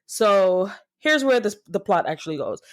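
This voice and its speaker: A woman's voice: medium pitch, moderate pace. Gushing woman chatting about books. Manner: gushing, animated, laughs often. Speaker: podcast co-host. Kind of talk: casual book-review chat.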